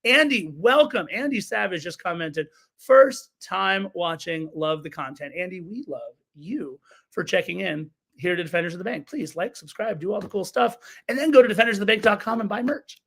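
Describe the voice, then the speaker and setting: High-voiced enthusiastic soccer podcast host. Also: male voice, lively intonation, fairly quick, gravelly, fairly bright tone, breathy edge. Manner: enthusiastic, self-correcting, chatty asides to chat and co-hosts. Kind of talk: live-streamed soccer podcast recap.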